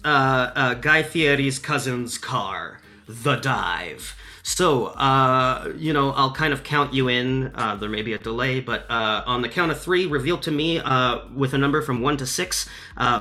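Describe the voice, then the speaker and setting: Bright-voiced man running a tabletop game. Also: medium pitch. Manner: casual, lots of fillers, laughs easily. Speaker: game master.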